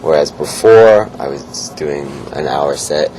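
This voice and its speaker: A man's voice: a bass voice, lively intonation, slow pace, dark tone. A man, a metal vocalist, telling his story casually in an interview. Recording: noisy interview.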